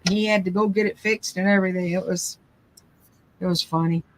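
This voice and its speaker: Rough recording, slight background noise: an older woman hosting a casual craft chat talks a little fast in a lowish voice with fairly even intonation. She's chatty and rambles through family stories, restarting often.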